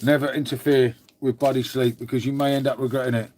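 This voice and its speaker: A man's voice: medium pitch, flat delivery, fast, a little mellow, a little hiss or hum. An English man hosting a casual live stream from home, rambling chattily, swearing now and then and answering his chat. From England.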